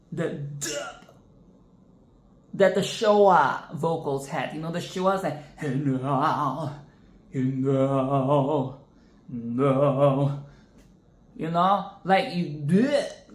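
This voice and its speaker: A woman hosting a casual singing lesson, chatty and self-interrupting, who often breaks into sung and exaggerated vocal demonstrations. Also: sits low. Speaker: singing tutorial host. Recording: echoey room.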